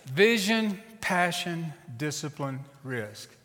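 A middle-aged man preaching a sermon as a pastor and telling a story in an animated, conversational way. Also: a little high, takes it slowly. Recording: reverberant hall.

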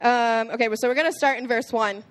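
A woman's voice: fairly high pitch, brisk. A young woman, a small group leader, giving a casual, chatty Bible talk to a youth group, with many filler "likes".

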